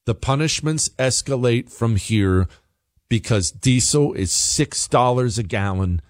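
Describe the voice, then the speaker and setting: A man's voice: mid-range voice, expressive, a little slow, dry recording, clean studio sound. A man hosting an opinionated political monologue, talking emphatically and repeating himself as he builds his points. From United States. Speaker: political commentary host.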